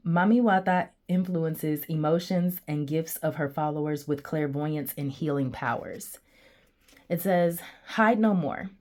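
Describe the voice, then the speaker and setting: A woman with a notably low-pitched voice talks through a tarot reading in a loose, chatty way. She wanders off on tangents and addresses her viewers directly as she goes. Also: fairly even intonation, measured pace, warm tone. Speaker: tarot reader.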